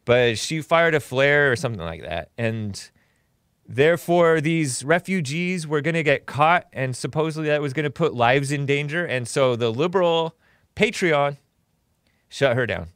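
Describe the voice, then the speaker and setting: A man's voice: fairly high pitch, animated, moderate pace, a bit bright, clear, resonant tone, no echo, studio quality. A man hosting a political call-in talk show, blunt and opinionated, rambling with sarcastic asides.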